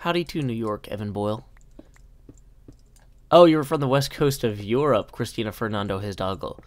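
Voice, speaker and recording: A man's voice: on the low side, moderate pace, no echo. A man from Nashville chatting casually on a live stream, reading out viewer comments with a self-deprecating, talkative manner. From Nashville, USA. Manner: chatty, self-deprecating, reads chat aloud.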